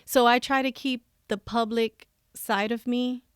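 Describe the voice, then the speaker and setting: A woman's voice: a little high, unhurried, clear, resonant tone, no echo, studio quality. A woman guest on a podcast, talking candidly and animatedly, often laughing and acting out what she and others said. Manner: animated, laughs often, acts out her own quoted thoughts. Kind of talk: candid conversational storytelling.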